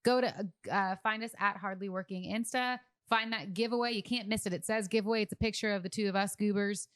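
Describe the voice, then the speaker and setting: A woman's voice: medium pitch, fairly even intonation, a little fast, a bit bright, no room sound, studio quality. Upbeat woman co-hosting a podcast. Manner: chatty, upbeat, laughs easily. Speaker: podcast co-host. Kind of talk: casual chat.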